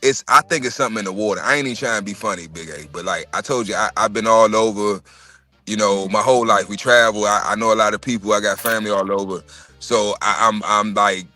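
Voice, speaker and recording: A middle-aged man holds forth in a casual livestream chat, his voice bright and pushing forward. He rants in fits and starts, swearing freely and circling back over his words. Faint music plays underneath. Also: fairly low pitch, quick pace. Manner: profane, animated ranting with restarts. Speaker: podcast host.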